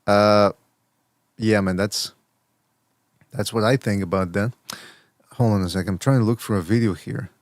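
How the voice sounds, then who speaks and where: A man's voice: lowish voice, steady tone, moderate pace, pauses often, no echo, clean studio sound. A man hosting a boxing podcast, chatting casually and rambling, with lots of repeated words and restarts. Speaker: podcast host.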